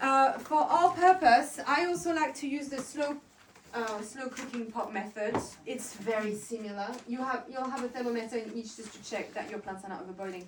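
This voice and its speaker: A woman's voice: a little high, fairly even intonation, normal speed, noisy background. Chatty woman teaching, roomy and distant. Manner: chatty, encouraging, explains step by step. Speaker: herbalism teacher. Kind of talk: hands-on workshop teaching. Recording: roomy sound from a distant mic.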